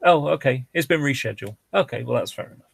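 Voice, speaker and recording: A man with a gravelly voice at middle pitch, talking as a livestream guest and explaining airliners in a loose, rambling way. He fills his sentences with restarts and "you know"s, and he sounds close to the mic in a dry room. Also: lively intonation, fast, no room sound. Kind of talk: casual livestream chat.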